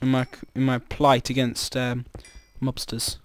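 A man's voice: mid-range voice, completely flat delivery, a little slow. A man with a chatty, jokey manner, commenting casually on his own gameplay as a let's-play host and reacting with startled exclamations.

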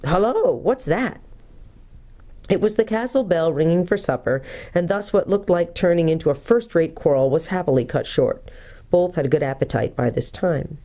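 Mellow-voiced woman reading a storybook. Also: low-pitched, a little fast. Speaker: pastor. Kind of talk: reading a children's book aloud.

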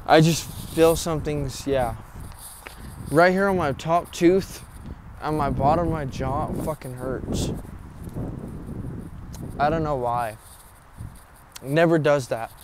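A nervous young man speaks slowly to his audience, rambling and swearing, a little out of breath. He is outdoors at night, with faint background noise around him. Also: fairly high pitch. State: short of breath. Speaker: paranormal vlogger. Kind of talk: casual vlog talk to camera.

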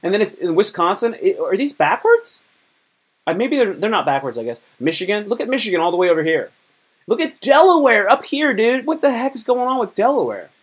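A man's voice: sits high, very animated, a little fast, breathy edge. A man from Virginia chatting casually on a live stream, joking and rambling in a loose, slangy way. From Virginia, United States.

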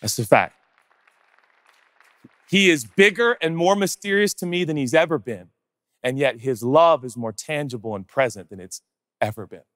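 A male pastor preaching a sermon, animated and conversational, firing off rhetorical questions and chatty asides. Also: mid-range voice, moderate pace, long pauses, no echo, studio quality, in a large hall.

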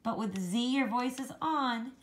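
A woman teaching a children's phonics lesson, slowly modelling letter sounds and encouraging the kids to copy her. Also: fairly high pitch.

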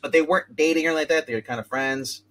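A man's voice: a little high, quick pace, very noisy. A man hosting a casual chat show, rambling through a comic book review with many restarts and asides.

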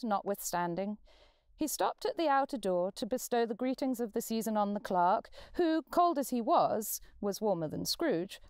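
Woman narrator, lively pitch, smooth voice, dry close sound. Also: no echo. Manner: expressive, measured narration. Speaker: volunteer reader. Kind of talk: reading a classic novel aloud.

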